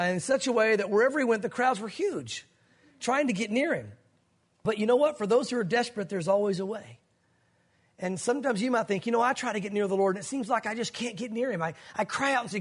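A man preaching a sermon as pastor, speaking in an earnest, conversational way, full of asides to the congregation. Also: high voice.

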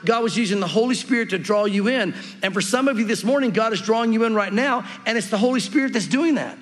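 A man's voice: high-pitched, fairly bright tone. A man preaching a sermon as a pastor in a church, conversational and earnest, acting out the people in the story. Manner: conversational, earnest, acts out quotes. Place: church sanctuary. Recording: long reverb of a church hall.

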